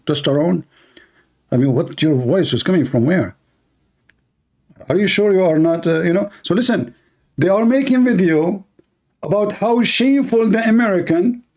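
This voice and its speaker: High-voiced taunting male streamer. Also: darkish tone. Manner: taunting, insulting, non-native grammar. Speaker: online debate streamer. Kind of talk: mocking live commentary.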